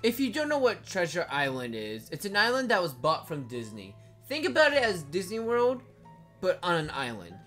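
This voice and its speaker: Woman vlogger, lower-pitched, very lively delivery, blunt jokey rambling, music bed underneath. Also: moderate pace. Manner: animated, blunt and joking, swears casually; rambling with many likes. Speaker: video creator. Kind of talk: casual commentary vlog. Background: background music.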